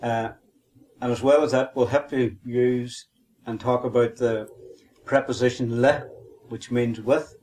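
A man's voice: mid-range voice, steady tone, a little slow, a little mellow, slight background noise. A man with a Northern Irish accent co-hosting a podcast, teaching a language lesson methodically and spelling and repeating words.

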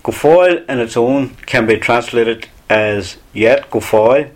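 A man's voice: mid-range voice, measured pace. A man from Ulster with an Ulster Irish accent, patiently explaining phrases as a language teacher. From Ulster, Ireland.

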